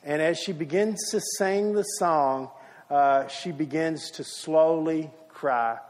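This male pastor delivers a sermon story slowly, his somewhat high voice a little mellow, acting out quotes and breaking briefly into song. The church sanctuary recording carries long hall reverb.

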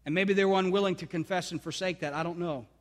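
High-voiced fervent male preacher, echoing hall. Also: fairly even intonation, quick pace. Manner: fervent preaching, rising to emphatic peaks; calls to the congregation. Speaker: pastor. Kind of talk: sermon. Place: church sanctuary. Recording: long reverb of a church hall.

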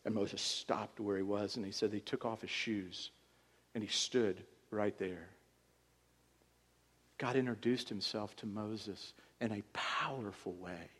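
A male pastor preaching a sermon in a church, swinging from hushed lines to loud cries. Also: fairly low pitch, steady tone, unhurried, husky, big-room sound.

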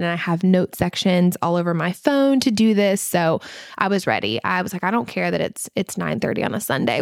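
A woman in her thirties with a soft Southern US accent hosts a podcast from home, talking in a loose, chatty way full of ums, likes and little laughs. Her voice sits at an ordinary middle pitch. The sound is dry and close, with no room echo. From American South. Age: 30s. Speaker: podcast host. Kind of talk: casual chat. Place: home, recording at night. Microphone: podcast microphone.

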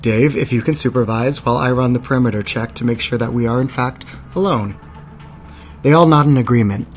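Calm, take-charge man narrating. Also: medium pitch. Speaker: co-narrator and lead character. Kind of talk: first-person audio drama narration.

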